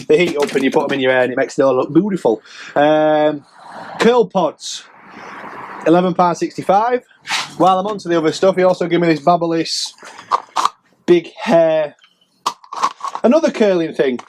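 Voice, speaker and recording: Bloke chatting thru his sales, rambly and jokey, bit of hiss behind. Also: fairly high pitch. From England. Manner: chatty, self-mocking, rambling with restarts. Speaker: reseller vlogger. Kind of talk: casual rambling sales update.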